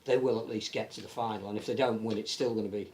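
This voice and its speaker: An English man with an animated manner, chatting casually as a rugby league podcast pundit and often restarting his sentences. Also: lowish voice, fast, slight background noise. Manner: animated, many restarts and stammered repeats. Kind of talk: casual panel chat.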